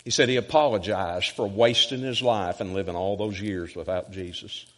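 A male evangelist preaching a sermon emphatically and rhythmically, swinging from loud to hushed. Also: lowish voice, normal speed. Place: church sanctuary. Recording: church sanctuary with long reverb.

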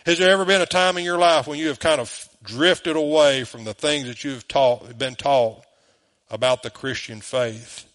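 A man's voice: mid-range voice, moderate pace, fairly bright tone. A man with a Southern US accent, preaching a sermon as pastor, emphatic and full of rhetorical questions, in a church.

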